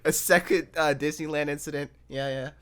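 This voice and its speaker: A young man hosting a casual chat, halting and full of fillers and restarts. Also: on the high side, fairly even intonation, fairly bright tone. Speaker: host.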